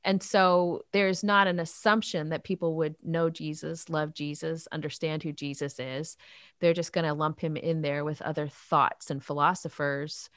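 A woman in her fifties who leads a youth ministry, answering interview questions in an earnest, animated way. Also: sits low, moderate pace, dry recording, studio quality. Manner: earnest, animated storytelling with faith talk. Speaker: author and youth ministry leader.

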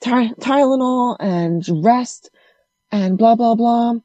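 A woman telling a story in casual conversation, animated and swearing as she acts out what others said. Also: fairly high pitch, slow, no room sound, dull audio.

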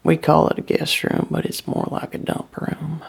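A woman telling a first-person dramatic monologue in dialect. She often drops into breathy whispers. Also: low voice, monotone, normal speed, a little mellow. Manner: drawling dialect storytelling, slipping into breathy whispers. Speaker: storyteller.

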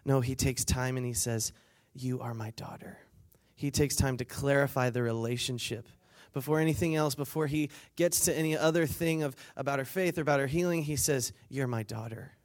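With a mid-range voice and fairly even intonation, a man at a weekend retreat preaches a little fast and hardly pauses. He reads scripture and then retells it in casual terms, acting out the figures involved, laughing along, and drawing spoken responses from the crowd.

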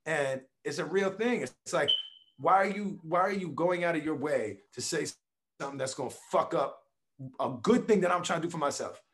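Man, podcast guest, casual and profane, slightly higher voice. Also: brisk, background noise. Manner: blunt, profane, animated storytelling with acted quotes. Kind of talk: casual conversation.

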